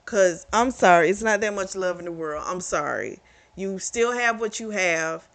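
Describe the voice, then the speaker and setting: A woman's voice: fairly low pitch, lively intonation, moderate pace, fairly bright tone. A woman casually recapping a romance novel's plot as a book reviewer, chatty and candid, with free swearing.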